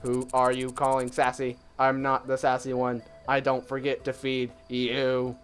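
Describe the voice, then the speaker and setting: A man voicing a sassy, aloof male robot bird in a game let's play, slow and drawling. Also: mid-range voice, completely flat delivery, faint music behind, lightly acted.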